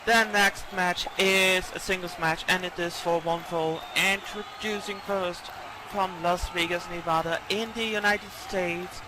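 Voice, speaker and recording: A man's voice: sits high, steady tone, a little slow, noisy background. A man working as ring announcer, drawing out formal introductions.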